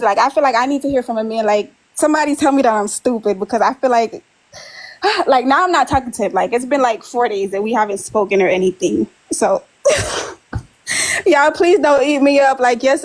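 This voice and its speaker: A woman's voice: a little high, rough recording. Young woman telling a messy story. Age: 20s. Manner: rambling, nervous laughter, many "like"s. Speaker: caller on a live stream. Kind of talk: casual confessional storytelling.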